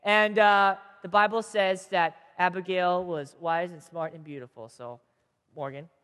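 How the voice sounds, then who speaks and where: High-voiced guy telling a bible story to kids, chatty, lots of "all right?", big echoey hall. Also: measured pace. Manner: animated, chatty, checks in with the group. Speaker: youth teacher. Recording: long hall reverb.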